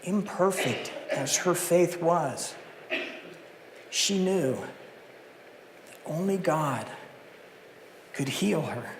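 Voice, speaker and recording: A male pastor preaches a sermon with a fairly high voice. He takes his time and brings the scenes alive with animated storytelling. The long reverb of the church hall surrounds every word. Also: extremely slow, long pauses, noisy background. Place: church sanctuary.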